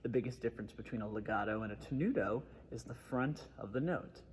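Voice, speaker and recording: A man's voice: mid-range voice, fairly quick, slightly rough, in a large hall. A man giving a methodical trombone lesson, explaining articulation step by step. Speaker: trombone teacher. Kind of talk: instructional music lesson.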